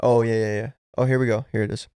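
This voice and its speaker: A man co-hosting a casual podcast, with gravelly fry in his mid-pitched voice. He talks loosely, swears freely and reacts with quick exclamations, and the recording is dry and close. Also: flat delivery, a little mellow, dry recording. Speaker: podcast co-host. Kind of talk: casual chat.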